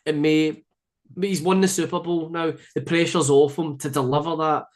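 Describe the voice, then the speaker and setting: A man's voice: a little high, flat delivery, moderate pace. A man from Scotland with a Glasgow-area accent, chatting easily as a podcast guest with many fillers and restarts. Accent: Scottish, Glasgow area. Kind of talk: casual chat.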